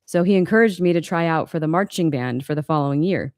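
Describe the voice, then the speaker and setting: Woman, 30s, from LA, wry author reading her own book aloud; smooth voice, dry close mic. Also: low voice, fast talker, a little mellow, no room sound. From Los Angeles, USA. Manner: candid, wry, occasionally stumbles and corrects herself.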